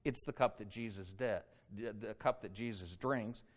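A man gives an expository sermon, working through a Bible passage verse by verse. He gets loud on quoted cries and goes low and slow on solemn points.

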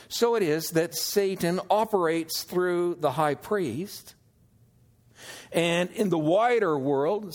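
A man preaching an expository sermon, teaching slowly through scripture and asking the listeners questions. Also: high voice. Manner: slow, measured teaching with scripture quotes; emphatic, questioning delivery.

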